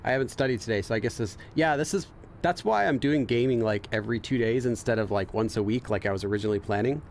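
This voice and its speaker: A man's voice: mid-range voice, fast talker, a little mellow, slight background noise. A man hosting a game playthrough, reading the on-screen text aloud, translating it and thinking aloud with many fillers and restarts. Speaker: let's play host and Korean learner.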